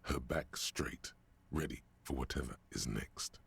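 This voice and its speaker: The gruff inner voices of a game. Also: heavily acted. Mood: ominous. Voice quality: deep gravelly rasp. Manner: slow, ominous, dramatic delivery, sometimes whispered. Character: the detective's inner voices, gruff male narrator. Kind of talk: video game narration.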